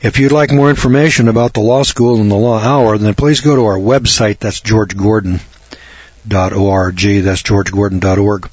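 Guy hosting a radio show, husky lowish voice, preachy, reels off long lists, dull dry sound. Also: fairly even intonation, moderate pace, a little mellow, no room sound. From American South. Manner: preachy, emphatic, lists at length. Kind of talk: radio commentary with scripture reading.

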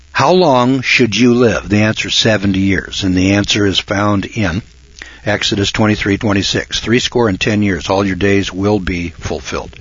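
A husky man in his late sixties hosts a radio program in a folksy, self-assured monologue. His delivery swings from low, muttered asides to loud, shouted outbursts. The recording is dry and dull, with a lo-fi sound. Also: dry recording. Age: 60s.

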